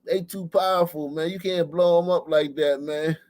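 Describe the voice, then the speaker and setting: A man's voice: on the high side, steady tone, normal speed, darkish tone. A man hosting a livestream, riffing casually with lots of cursing and laughter, ending almost every line with "man.". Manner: profane, laughing, ends lines with "man". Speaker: livestream host. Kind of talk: casual commentary.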